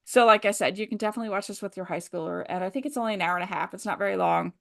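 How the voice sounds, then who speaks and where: A woman's voice: mid-range voice, rapid-fire, vocal fry. Chatty enthusiastic woman co-host. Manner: chatty, enthusiastic, many "you know" and "like" fillers. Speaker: podcast co-host. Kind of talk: casual chat.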